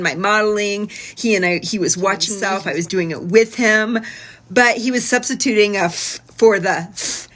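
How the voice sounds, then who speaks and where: A woman's voice: medium pitch, fairly bright tone. A woman speech-language pathologist giving candid, self-deprecating commentary on her old therapy videos, explaining her choices in clinical terms and laughing at her own mistakes.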